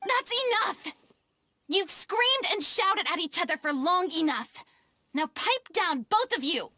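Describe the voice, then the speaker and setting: A woman's voice: very high voice, animated, a little slow, bright, forceful tone, dry recording, full character voice. An actress playing a stern but caring young woman who lectures two quarreling actors, in game voice acting. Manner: firm, lecturing.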